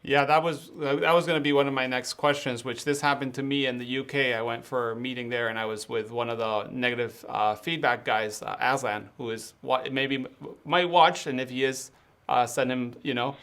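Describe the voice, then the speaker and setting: A man from Spain speaks English with an American-leaning accent. He talks casually and loosely in a conversation, mid-pitched, full of "like" and little quoted asides to himself. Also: steady tone, normal speed, fairly bright tone. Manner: chatty, many fillers and quoted self-talk. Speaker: photography channel host.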